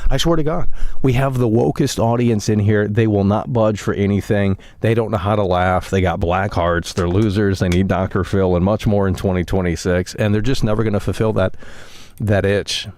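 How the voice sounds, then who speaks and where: A man's voice: on the low side, darkish tone, no echo. A young man ranting at his live-stream chat, swearing often and repeating himself. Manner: ranting, profane, repetitive.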